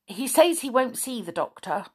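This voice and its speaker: A woman's voice: a little high, big pitch swings, moderate pace, darkish tone, breathy edge, voice pushed up. A woman voicing a timid, anxious male bunny in a children's storybook, fretful and nervous.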